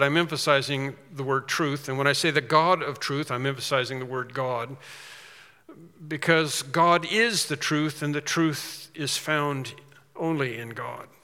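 Male pastor, earnest emphatic sermon delivery, bright ringing voice, church-hall echo. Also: a little high. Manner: earnest, emphatic preaching with rising stresses.

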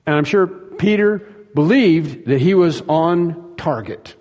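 A man's voice: on the high side, lively intonation, slow, darkish tone, long reverb tail. A man preaching a sermon emphatically, repeating phrases for stress and acting out quoted lines. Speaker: pastor.

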